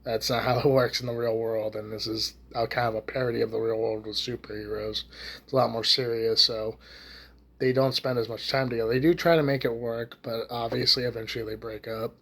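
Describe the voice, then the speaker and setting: A man's voice: medium pitch, steady tone, fairly quick, fairly bright tone. Man, casual vlog ranter, foul-mouthed and rambling, mid-range voice. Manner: profane, rambling, with many restarts and fillers. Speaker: YouTube ranter. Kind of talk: casual rant to camera.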